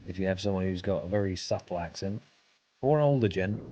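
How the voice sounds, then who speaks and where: A man's voice: sits low, lively intonation, fast talker, warm tone, highs cut off, a little hiss or hum. A man streaming a game, chatting casually and answering his chat while he plays.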